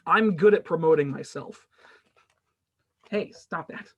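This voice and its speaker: A man's voice: on the high side, slow, a bit bright, highs cut off. A man hosting a casual gaming podcast, rambling and self-deprecating, with lots of fillers and restarts. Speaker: podcast host.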